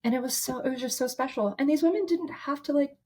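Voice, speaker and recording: A woman's voice: sits high, quick pace, dark tone. A woman therapist, a podcast guest, telling a story casually and from the heart, with lots of "like" and restarts.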